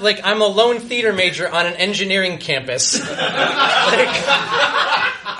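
A young man tells a comic personal story on stage. His voice is bright and fairly high, and he trips over his words and restarts often. A little background noise sits under him. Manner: self-deprecating, halting with restarts. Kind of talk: live comedic storytelling. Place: live show before a laughing audience.

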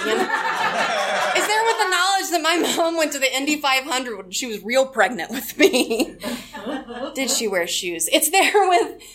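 A young woman comedian from Arkansas doing a live stand-up set on a theater stage, wry and self-mocking, with quick asides and frequent laughter. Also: fairly high pitch. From Arkansas, USA.

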